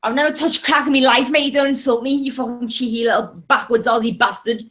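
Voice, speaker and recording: High bright-voiced swearing woman. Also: fairly even intonation, fast. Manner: abusive, combative, swearing constantly. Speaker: voice chat room participant. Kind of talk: heated online voice chat argument.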